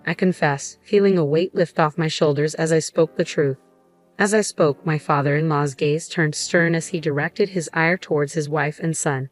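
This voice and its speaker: Woman, story narrator, low pitch, measured reading, faint music bed. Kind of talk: first-person story narration.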